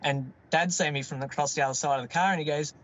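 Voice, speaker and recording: A man's voice: on the high side, steady tone, quick pace, fairly bright tone, dull audio. A middle-aged man with an Australian accent, telling family stories in a casual, rambling way. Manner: rambling, self-interrupting, laughs at his own stories. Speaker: guest. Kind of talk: casual storytelling.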